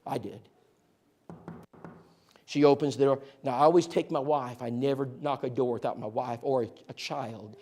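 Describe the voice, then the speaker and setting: A man training a church group in outreach, telling stories in a lively, joking way and speaking to listeners directly. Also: medium pitch, normal speed, pauses often. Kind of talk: animated storytelling talk to a church group.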